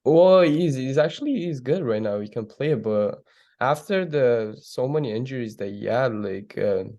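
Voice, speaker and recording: A man's voice: medium pitch, expressive, normal speed, warm tone, dull audio. A man talking football in a rambling, earnest way, with many fillers. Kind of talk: casual sports chat.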